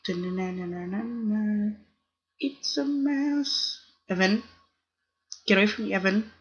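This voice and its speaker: A young woman talks slowly through her gameplay, chatting to the other players and squealing protests. Her voice comes through a dull, lo-fi home recording. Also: mid-range voice. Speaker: gaming channel host. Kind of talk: casual gameplay commentary.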